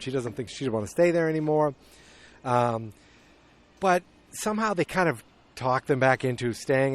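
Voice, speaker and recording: A middle-aged man hosting a podcast, recapping a movie in casual chat and acting out its scenes as he goes. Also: medium pitch. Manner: animated storytelling, acting out scenes. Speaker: podcast host.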